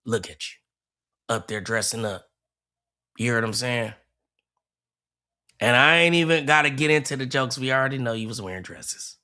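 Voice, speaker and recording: Mocking, bright-voiced man streamer. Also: mid-range voice, expressive, normal speed, pauses often. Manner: mocking, repetitive, stammers and restarts. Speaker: streamer reacting to a clip. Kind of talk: heated livestream commentary.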